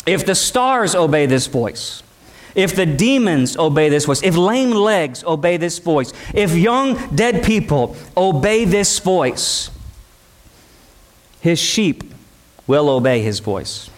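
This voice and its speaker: High-voiced man preaching an impassioned sermon. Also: expressive, slow. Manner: impassioned, repetitive rhetorical questions.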